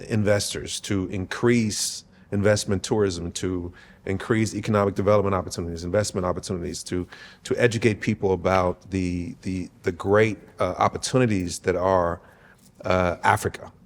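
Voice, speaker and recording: Deep-voiced earnest man, podcast guest. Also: steady tone, normal speed, a little hiss or hum. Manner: earnest, emphatic, often adds "right?". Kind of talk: conversational interview.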